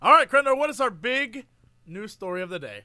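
A man's voice: high voice, sing-song, fairly quick, pushed and bright, no room sound, clean studio sound. A man co-hosting a podcast, reacting with laughter and short quips. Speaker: podcast co-host. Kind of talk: casual podcast chat.

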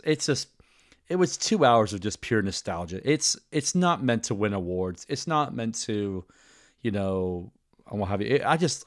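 A man hosting a podcast, chatting casually and enthusiastically, rambling with many restarts. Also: fairly low pitch. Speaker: podcast host. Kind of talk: casual chat.

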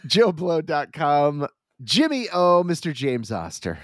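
A man's voice: on the high side, big pitch swings, slow pace, fairly bright tone, no echo, studio quality. Stuffy, nasal man hosting a podcast. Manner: rambling, self-correcting. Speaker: podcast host. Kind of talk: casual podcast chat.

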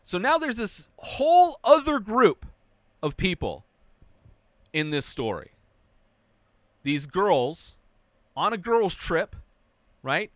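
A young man hosting a casual spoken movie review, animated and mocking, now and then dropping into a high whiny voice to mimic characters. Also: slow, pauses often, no echo.

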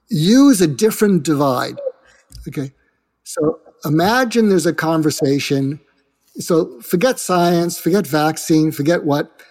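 A man's voice: fairly high pitch, big-room sound. An older man talking as an interview guest, explaining ideas and acting out example dialogues in quoted voices. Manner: animated, slips into quoted voices. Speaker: guest, suicide prevention expert.

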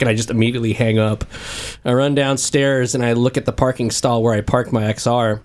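A man in a lively group podcast chat, telling a story with energy and swearing freely. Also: mid-range voice, fairly quick. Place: room with several people.

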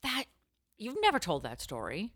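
A woman's voice: mid-range voice, wildly swooping pitch, moderate pace, fairly bright tone, dry recording, studio quality. A woman co-hosting a casual comedy chat, reading old advice letters aloud and riffing playfully. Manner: playful and jokey, riffs with exaggerated bits. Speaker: podcast co-host.

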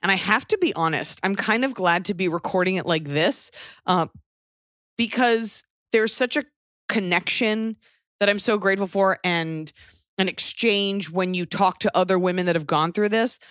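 A woman's voice: medium pitch, moderate pace, a bit bright, no echo, clean studio sound. A woman in her thirties telling a personal story in a casual, wry way, acting out other people's voices as she goes.

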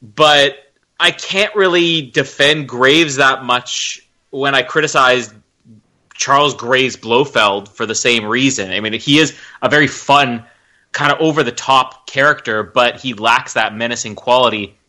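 Bright-voiced podcast man. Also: medium pitch, a little slow. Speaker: podcast co-host. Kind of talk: casual chat ranking film villains.

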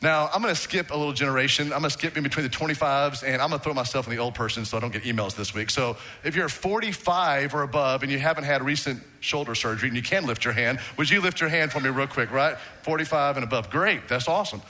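A man's voice: mid-range voice, fast talker, hardly any pauses, sharp tone. A middle-aged man preaching a sermon to his congregation, conversational and asking them questions. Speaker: pastor. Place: church sanctuary.

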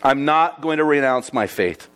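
A preacher playing an elderly bishop, calm and unshaken before death. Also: male voice, medium pitch, normal speed, smooth, close to an everyday voice. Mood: resolute. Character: defiant elderly bishop facing martyrdom, man.

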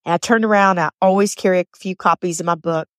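A woman's voice: on the low side, fairly even intonation, quick pace, no echo, clean studio sound. A woman hosting a motivational podcast, telling personal stories in an earnest, chatty way and repeating phrases for emphasis. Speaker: podcast host.

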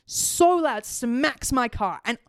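A woman's voice: high voice, animated, takes it slowly, dry recording, studio quality. A young woman telling a story in casual chat, laughing often and swearing. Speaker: podcast co-host.

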